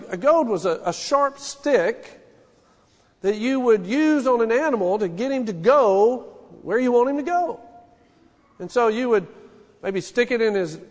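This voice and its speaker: A man in his forties preaching a sermon, telling stories with an animated, folksy manner. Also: extremely high pitch. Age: 40s. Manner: storytelling, animated, folksy asides. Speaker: pastor. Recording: long hall reverb.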